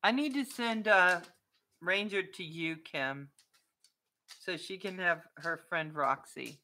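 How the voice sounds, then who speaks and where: Slow, low-pitched chatty woman vlogger. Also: pushed and bright, slight background noise. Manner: chatty and playful, often laughing and talking to her dog. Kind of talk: casual live-stream chat.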